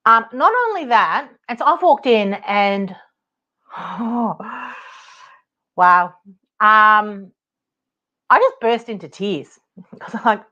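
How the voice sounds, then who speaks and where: A middle-aged woman with an Australian accent, hosting a podcast and telling a story in a casual, animated, exasperated way, laughing often and swearing now and then. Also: mid-range voice, slow, pauses often. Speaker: podcast host, property advocate. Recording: dull lo-fi podcast audio.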